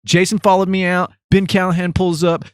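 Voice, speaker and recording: Fast-talking man telling a lively story. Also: high voice, clean tone, dry recording, studio quality. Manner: animated, quick, lots of acted quotes and restarts. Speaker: podcast host. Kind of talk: casual storytelling chat.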